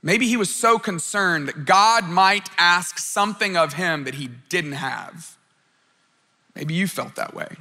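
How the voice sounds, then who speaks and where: A man preaching a sermon, earnest and direct, who stumbles and repeats his words when he restarts a thought. His voice sits high and sounds bright and forceful. It carries a long reverb from a large hall. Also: unhurried. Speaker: pastor.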